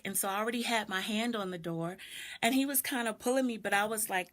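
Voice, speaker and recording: A woman's voice: mid-range voice, moderate pace, fairly bright tone. Middle-aged woman telling a personal story. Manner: reflective, greets viewers mid-story. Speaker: doula and video host. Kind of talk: personal storytelling on a live stream.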